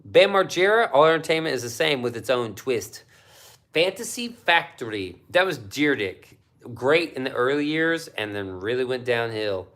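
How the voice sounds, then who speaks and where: A man talks on a casual livestream, reading out chat and ranting with plenty of swearing. His pitch jumps around a lot, from low grumbles to loud high outbursts. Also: normal speed. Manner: profane, animated ranting; reads out viewer chat. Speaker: livestream host.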